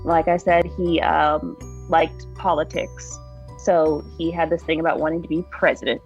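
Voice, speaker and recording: A woman's voice: low voice, flat delivery, normal speed, muffled recording, faint music behind. A woman being interviewed, candidly recounting her own story in a casual, conversational way with restarts and fillers.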